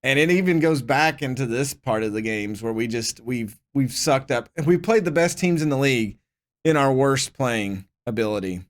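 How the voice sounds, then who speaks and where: A man's voice: medium pitch, animated, moderate pace. A man streaming a football management game, chatting casually and reading the game's prompts aloud as he reacts to them. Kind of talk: casual gameplay commentary.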